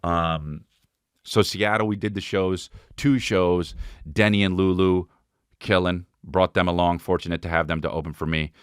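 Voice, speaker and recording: Hosting his own podcast, a man with a deep, steady, smooth voice and moderate pace tells rambling, profane comic stories in a casual comedic monologue. He imitates voices and sounds along the way, and the dry recording is studio quality.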